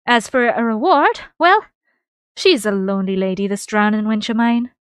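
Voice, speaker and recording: A woman voicing a jovial, roguish middle-aged male tavern keeper with an Irish-style lilt, reading game dialogue aloud loudly and heartily. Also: fairly high pitch, moderate pace, smooth, dry recording, studio quality, lightly acted. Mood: teasing. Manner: loud, hearty and teasing.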